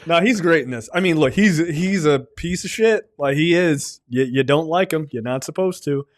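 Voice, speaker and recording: A man co-hosting a casual film review chat, animated and joking, with frequent swearing. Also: a little high, moderate pace. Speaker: podcast co-host.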